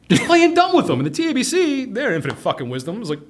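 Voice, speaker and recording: A man's voice: high voice, huge pitch swings, fast. A man, a pub owner, talking bluntly in a casual interview, swearing freely and laughing through his stories. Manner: blunt and profane, laughs while telling stories.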